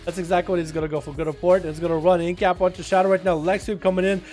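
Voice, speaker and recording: A young man with an American accent, Russian by birth and first language, hosting a live game stream with quick, excitable play-by-play and frequent laughs. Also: sits high, soft background music. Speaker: livestream host. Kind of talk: live game commentary and chat. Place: hot home room.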